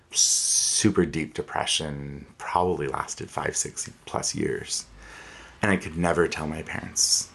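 Very deep-voiced man telling his story. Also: gravelly, a bit bright. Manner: candid, reflective, with frequent fillers. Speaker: interviewee. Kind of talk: personal storytelling.

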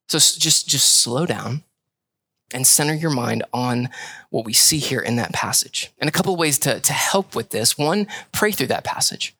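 A man's voice: mid-range voice, expressive, moderate pace, sharp tone, dry recording. A young man, preaching a sermon in a conversational style, repeating phrases for emphasis. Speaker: pastor.

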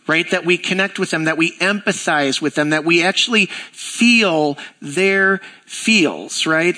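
A pastor giving a sermon in a church, talking conversationally and acting out the voices in his stories. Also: a little high. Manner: conversational, animated storytelling with acted-out dialogue.

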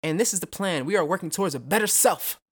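Fast-talking, profane young podcast host. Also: male voice, high voice, expressive, husky. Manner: rambling, profane, goes off on tangents; jokey, self-mocking asides. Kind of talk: casual solo podcast monologue.

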